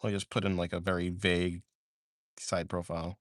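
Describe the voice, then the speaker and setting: A man's voice: deep voice, little pitch movement, moderate pace, no echo, clean studio sound. A young man chatting casually on a live art stream while he draws, rambling and drowsy, often trailing off into mumbles.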